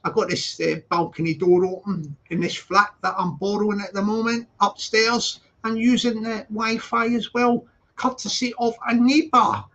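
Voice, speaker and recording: A man chatting casually on a live stream from his flat, repeating phrases and laughing a lot as he greets viewers. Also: high voice, normal speed. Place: flat with balcony door open.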